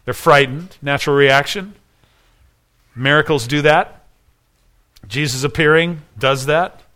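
Um homem pregando um sermão com fervor, fazendo perguntas retóricas à congregação. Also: male voice, fairly high pitch, a little slow, pushed and bright. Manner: earnest preaching with rhetorical questions. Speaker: pastor. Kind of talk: sermon.

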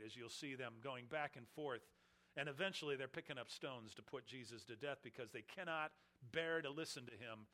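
A man preaching an expository sermon, acting out the questioners' mocking lines as he explains the text. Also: mid-range voice. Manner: animated, acts out the questioners with mocking voices. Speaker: pastor.

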